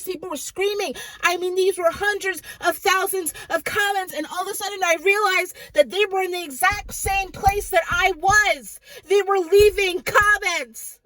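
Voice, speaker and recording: A woman's voice: extremely high pitch, normal speed, hardly any pauses, pushed and bright, no room sound, low-quality recording. A woman hosting her own video, recounting a vivid dream in an urgent, fervent way, her voice at times breaking into tears. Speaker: Christian video host. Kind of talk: emotional personal storytelling.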